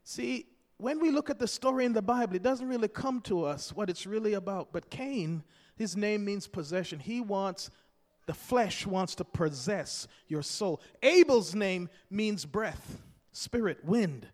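A man preaching a sermon with passion, swinging from hushed, low-key lines to loud, shouted declarations. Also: animated, unhurried. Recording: long hall reverb.

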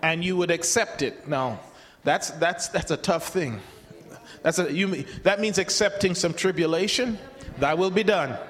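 A man delivers a sermon with a notably high voice, speaking conversationally and slipping into quoted voices. He often restarts and repeats words. The sound rings out with a long reverb, as in a large church hall. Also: measured pace, a bit bright. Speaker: preacher.

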